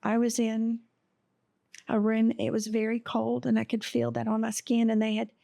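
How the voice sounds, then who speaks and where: Woman telling her story on a podcast, slow and halting, lots of ums, fairly high voice but pretty flat. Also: gravelly, no room sound, clean studio sound. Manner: halting and emotional, with many pauses and fillers. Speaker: podcast guest. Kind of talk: telling a personal story in an interview.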